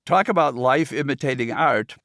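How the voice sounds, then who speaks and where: A man, a film director, telling his own story as audiobook narration in a lively, animated way. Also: mid-range voice, normal speed, dry recording, studio quality. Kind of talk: oral-history audiobook narration.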